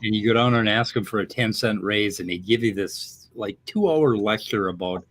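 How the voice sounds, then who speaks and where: A man's voice: lowish voice, moderate pace. A man co-hosting a casual chat show, rambling and a bit profane as he tells stories. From Minnesota, USA. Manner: rambling, profane, animated storytelling. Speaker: podcast co-host.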